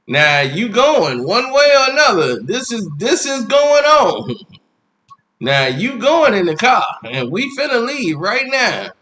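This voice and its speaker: A man spinning a comic personal story with an animated, bright delivery. His pitch sits high and swings widely as he acts out each moment. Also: takes it slowly. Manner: animated, acts out the scene, laughs while telling.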